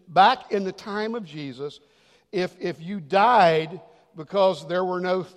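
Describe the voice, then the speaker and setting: High-voiced preacher man in a reverberant hall. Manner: dynamic preaching, swings from loud emphasis to hushed near-whisper. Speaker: pastor. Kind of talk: sermon.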